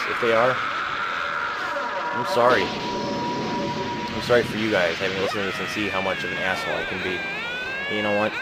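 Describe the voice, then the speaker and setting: A nineteen-year-old man in an angry, profane rant, breaking into shouts. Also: lowish voice, poor audio. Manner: furious, profane, bursts into shouting.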